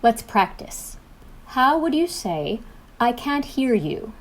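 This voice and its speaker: A woman's voice: fairly high pitch, very animated, slow. Encouraging female instructor, upbeat delivery. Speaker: co-host and instructor. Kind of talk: scripted instructional video.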